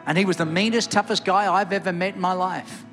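A middle-aged man preaching in a church with a notably high voice, fervent and rising toward shouts. Soft music plays faintly underneath. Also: steady tone, a little fast, in a large hall. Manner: impassioned, builds to near-shouts. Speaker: pastor. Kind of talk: sermon with altar call. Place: church service, also streamed online.

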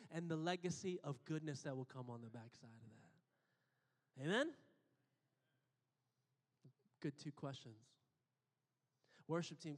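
A man preaching a sermon, emphatic, repeating phrases and building to excited peaks. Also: a little high. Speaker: pastor. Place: church auditorium. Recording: long hall reverb.

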